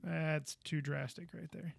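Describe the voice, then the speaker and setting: A man's voice: a little high, little pitch movement, a little slow, gravelly, faint music behind. A man hosting a live podcast, chatting casually and goofily while he builds, with frustrated outbursts. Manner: goofy, chatty, exclaims in frustration. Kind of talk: casual live-stream chat.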